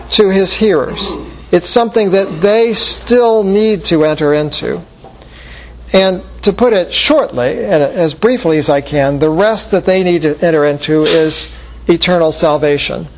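Man, preacher, expository Bible teaching, fairly high voice, muffled lo-fi recording. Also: a little hiss or hum. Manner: explanatory, asks checking questions like "okay?" and "right?". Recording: dull lo-fi recording.

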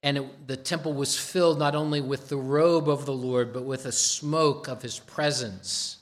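A man preaching a sermon, slow and deliberate, stressing repeated words for emphasis. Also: medium pitch, steady tone. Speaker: pastor.

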